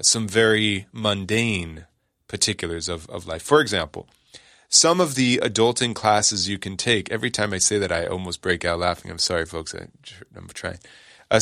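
A man hosting a talk radio show in a relaxed, rambling way. He keeps breaking into stifled laughter and restarting his sentences. His voice is on the low side and recorded close and dry. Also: no room sound. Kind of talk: casual on-air talk.

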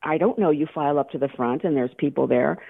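A woman's voice: deep voice, fast, vocal fry, slightly rough, dry recording. A woman calling in to a radio show, telling a personal story with laughter and tears. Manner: laughing, tearful storytelling with restarts. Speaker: caller. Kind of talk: emotional call-in story. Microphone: phone. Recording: tinny phone line.

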